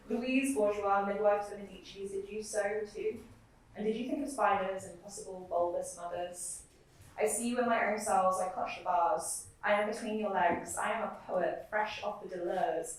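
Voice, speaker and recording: Young woman poet at a live reading, steady recital w/ chatty bits between poems, mid-pitched, far from the mic. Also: slight background noise. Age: young adult. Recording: very echoey room, mic far off.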